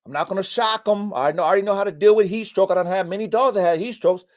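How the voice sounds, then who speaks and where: A man's voice: high voice, fast talker. A man hosting a casual live-stream podcast about his dogs, talking bluntly and preachily, swearing often and repeating himself for emphasis. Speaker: podcast host and dog breeder. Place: home in the mountains.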